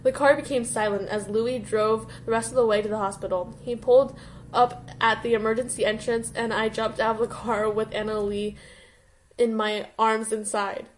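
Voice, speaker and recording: A woman's voice: a little high, fairly even intonation, moderate pace, slight background noise. A young woman casually reading a story aloud, often breaking into laughter as she goes. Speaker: co-host reading fanfiction aloud.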